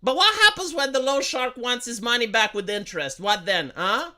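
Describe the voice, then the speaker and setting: A man's voice: very high voice, expressive, normal speed, bright, forceful tone. A man live streaming a heated, profane political rant. He stammers and repeats words and fires off rhetorical questions. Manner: argumentative, asks rhetorical questions.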